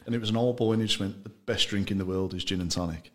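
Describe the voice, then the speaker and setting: A man's voice: low-pitched, steady tone, quick pace. A man talking casually about his gin brand in an interview, chatty and loose, often trailing off mid-sentence. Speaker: gin brand founder, guest.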